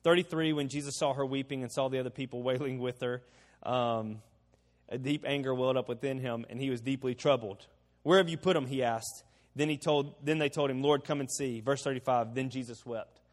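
A man preaching a sermon as pastor, animated and joking, swinging between loud emphasis and quiet asides. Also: mid-range voice, fairly quick. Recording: long reverb of a large hall.

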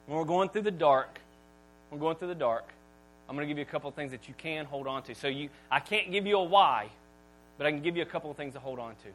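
A pastor in his thirties preaching a sermon, swinging from loud emphatic lines to quiet asides. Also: fairly high pitch, fast, low-quality recording.

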